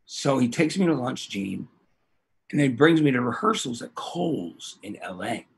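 A male podcast host telling excitable, rambling anecdotes with plenty of swearing. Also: medium pitch, measured pace, husky. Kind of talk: animated storytelling.

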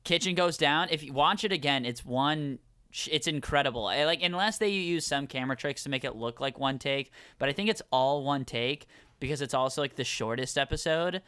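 A man's voice: mid-range voice, a little fast, bright, forceful tone, clean tone, no echo, studio quality. A man co-hosting a comedy podcast, talking in a rambling, enthusiastic way. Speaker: podcast co-host. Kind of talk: casual chat.

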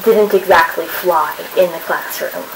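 A woman's voice: fairly low pitch, measured pace, gravelly, poor audio. A woman talking casually to her camera, chatty and rambling as she looks through old papers. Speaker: vlogger. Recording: audible background noise.

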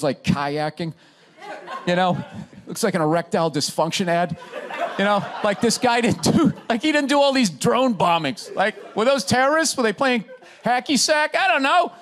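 A man's voice: sits high, fairly bright tone. A man on a podcast rambling and joking in casual chat.

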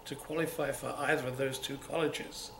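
Older English man, London accent between posh and Cockney, gravelly voice, rambling recollections, roomy recording with faint hiss. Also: medium pitch, fairly even intonation, normal speed. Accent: London, between upper-class and Cockney. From England. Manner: rambling, with many restarts and repeats. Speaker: oral history interviewee. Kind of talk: unscripted reminiscing. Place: museum room.

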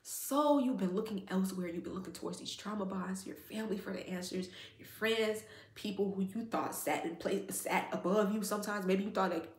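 A woman's voice: mid-range voice, fairly quick. A woman doing a casual spiritual card reading, rambling and heartfelt, with "like" in nearly every phrase. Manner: rambling, filler-heavy, heartfelt, says "like" constantly. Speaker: tarot card reader. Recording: echoey room.

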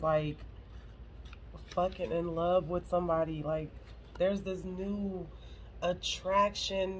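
A woman's voice: lowish voice, mellow, a little hiss or hum, rough recording. A woman doing a casual tarot reading to camera, blunt and profane and close to tears. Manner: blunt and profane, emotional, swears freely. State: on the verge of tears. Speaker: tarot reader.

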